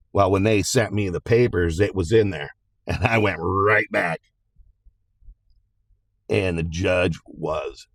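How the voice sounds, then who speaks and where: A man's voice: deep voice, dry recording. A man in a plain-spoken, casual manner, recounting a personal story.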